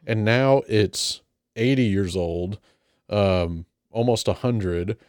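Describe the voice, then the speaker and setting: A man's voice: lowish voice, slow pace, a little mellow, no room sound, clean studio sound. A man co-hosting a casual chat, rambling and teasing with lots of fillers. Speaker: podcast co-host.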